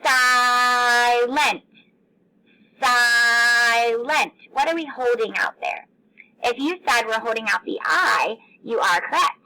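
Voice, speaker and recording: Cheerful teacher woman, bright voice. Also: fairly high pitch, animated, creaky, rough recording. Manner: patient, encouraging, drawn-out word sounding. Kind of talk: recorded phonics lesson for children.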